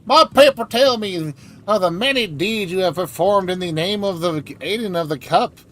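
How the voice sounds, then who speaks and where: A man's voice: high voice, moderate pace, a bit bright, slight background noise, pitched above the performer's own voice. Man doing a solemn elder in a shaky put-on accent. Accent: wobbly put-on Southern US drifting Irish or Scottish. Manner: grand, ceremonial reading aloud.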